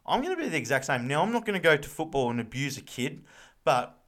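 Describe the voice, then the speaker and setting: A man's voice: on the high side, big pitch swings, fast, a bit bright. An Australian man in his thirties, co-hosting a casual podcast chat, blunt and fired up, swearing freely. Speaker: podcast co-host.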